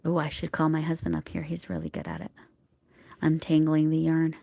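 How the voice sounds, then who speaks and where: Gravelly-voiced woman chatting while crocheting. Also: deep voice, very animated, a little fast, no echo. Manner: chatty, murmurs soft whispered asides to herself. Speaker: crochet livestream host. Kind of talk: casual live chat while crocheting.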